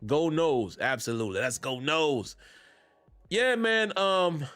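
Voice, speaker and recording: A man's voice: a little high, lively intonation, a little slow, fairly bright tone, no echo. A man hosting a sports fan podcast, talking casually with easygoing slang and frequent laughs. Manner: laid-back Southern-tinged slang, laughs often. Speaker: podcast host.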